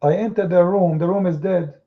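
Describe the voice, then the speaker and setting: A high-pitched man with fairly even intonation and a brisk pace hosts an online debate room. His tone is mocking and scornful, he acts out others in quotes, and the audio comes through tinny, like a phone.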